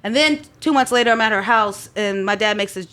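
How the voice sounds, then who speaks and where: A woman telling a personal story as a panel guest, lively and acting out what people said. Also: mid-range voice, a little fast. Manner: lively storyteller, often acts out quotes.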